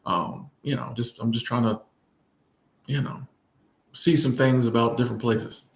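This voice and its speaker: A man's voice: mid-range voice, steady tone, measured pace, echoey room. A man chatting casually in a rambling storytime vlog, full of fillers and restarts. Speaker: vlogger. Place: in Bangkok.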